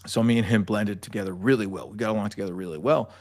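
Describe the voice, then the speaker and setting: Casting: young adult man, low-ish voice, profane animated storyteller, casual podcast guest. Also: fast talker. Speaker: podcast guest, army veteran.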